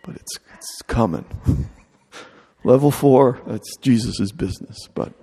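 Male preacher, mellow and husky voice, chatty jokey delivery, reverberant hall. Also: mid-range voice, slow pace. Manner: humorous, conversational preaching with mock dialogue. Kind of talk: sermon.

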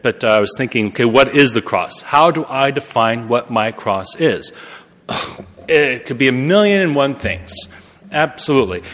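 A man's voice: medium pitch, fairly bright tone. Preacher man in a reverberant church. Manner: conversational, self-correcting, laughs at himself. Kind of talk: sermon. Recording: long reverb of a church hall.

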